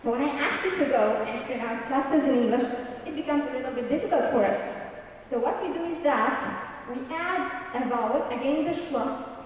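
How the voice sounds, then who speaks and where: A woman with an Egyptian Arabic accent, an English pronunciation trainer running a live workshop, demonstrating sounds and checking in with "okay?". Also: high-pitched. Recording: echoey hall from far off, faint room noise.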